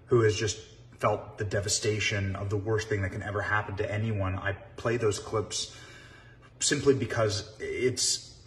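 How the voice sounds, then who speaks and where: A man's voice: fairly low pitch, a bit bright, a little hiss or hum. A man hosting a show, giving earnest, somber commentary. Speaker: show host.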